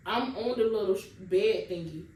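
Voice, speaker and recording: A woman's voice: mid-range voice, moderate pace, darkish tone. Young woman telling a story. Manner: addresses viewers as y'all often, casual Southern US dialect. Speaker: vlogger telling her birth story. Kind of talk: emotional personal storytelling to camera. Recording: roomy sound from a distance with faint background noise.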